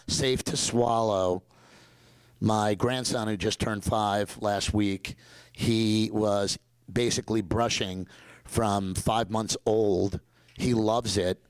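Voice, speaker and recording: A man's voice: lowish voice, no echo, rough recording. An older man, a dentist guest, talking in an enthusiastic, digressive, storytelling way and slipping into mock accents when quoting people. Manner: energetic, digressive, slips into mock accents for quotes.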